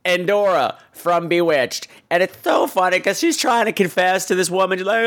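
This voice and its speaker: A man with a somewhat high voice talks through old films in a casual, comedic podcast review. He is animated and campy, and he swears freely. His delivery swings between gossipy excitement and wry asides. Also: normal speed, few pauses. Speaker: podcast host.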